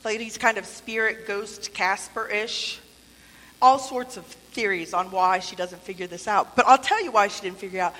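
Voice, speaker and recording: At a normal speed and with a medium pitch and fairly bright tone, a woman gives a sermon in a church sanctuary. She keeps it conversational and playful, adding asides and acting out quotes, and the hall's long reverb is audible.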